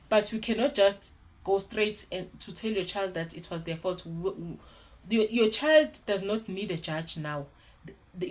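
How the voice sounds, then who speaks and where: A young woman giving parenting advice in an earnest, repetitive way, often restarting her sentences. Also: mid-range voice. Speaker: parenting vlogger. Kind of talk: casual advice talk to camera.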